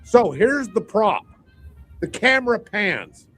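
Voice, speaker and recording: A man talking on a sports radio show, his voice sitting a bit high and swinging widely in pitch as he builds up his point. He rambles, restarts his sentences and lands on emphatic punchlines. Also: sing-song, takes it slowly, a bit bright, faint music behind. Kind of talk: casual radio sports chat.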